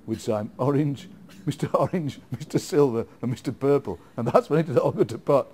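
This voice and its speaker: A middle-aged Yorkshire man talks at an easy, rambling pace in a relaxed interview. His tone is mellow and dark, and he laughs readily as he spins playful ideas. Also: medium pitch, moderate pace, breathy edge. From England. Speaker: guest poet. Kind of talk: casual interview chat.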